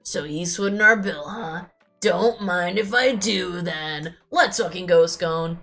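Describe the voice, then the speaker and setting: A young woman streaming a game, chatting playfully and asking quick surprised questions as she reads along. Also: on the low side, pushed and bright, soft background music. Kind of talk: casual game commentary and reading dialogue aloud.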